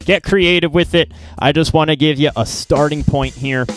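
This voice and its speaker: A man's voice: on the high side, normal speed, soft background music. A man teaching drums in a casual, plain-spoken way, explaining step by step with small slips. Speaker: drum teacher. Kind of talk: casual instructional talk.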